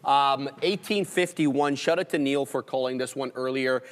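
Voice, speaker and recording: Man, live trading commentary, excited price call-outs, mid pitch, reverberant room. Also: moderate pace, clean tone. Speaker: co-host of a live trading stream. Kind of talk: casual live market commentary.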